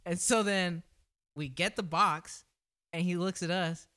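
Young man spinning a profane, animated story. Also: sits high, a little slow. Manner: animated, slangy and profane, laughing through the story. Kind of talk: casual storytelling chat.

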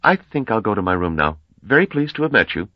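A man's voice: lowish voice, very animated, fast, no room sound, dull audio, voice pushed up. A man voicing a polite young male mathematician who is easily flustered and speaks hesitantly and earnestly.

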